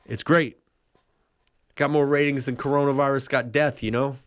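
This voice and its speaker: A man hosting a rambling solo podcast, swearing constantly and ranting crudely, his voice jumping up during rhetorical questions. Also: normal speed. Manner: profane, crude and animated, heavy swearing; jumps up in pitch when ranting rhetorical questions. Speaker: podcast host.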